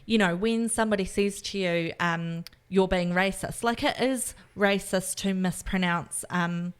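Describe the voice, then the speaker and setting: A woman's voice: mid-range voice, a little slow, clear, resonant tone. A New woman talking as a podcast guest, earnestly explaining her views with lots of "um" and "you know". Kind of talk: casual chat.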